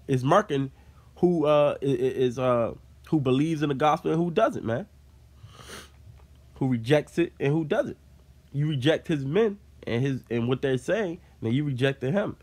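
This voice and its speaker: A man's voice: on the high side, darkish tone. Man reading and explaining scripture casually. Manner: reads scripture aloud then explains it in casual talk, with fillers like "man". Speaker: Bible teacher. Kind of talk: informal Bible study teaching.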